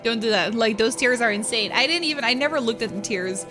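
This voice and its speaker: A fast-talking woman with a slightly high, expressive voice streams live, reading chat and chatting casually with her audience. She laughs often between lines and gushes thanks, with music playing in the background.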